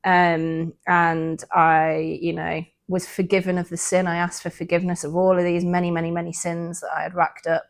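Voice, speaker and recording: A woman's voice: fairly low pitch, completely flat delivery, normal speed, few pauses. A woman, co-hosting a podcast and earnestly recounting a personal faith story in a casual, reflective way. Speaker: podcast co-host.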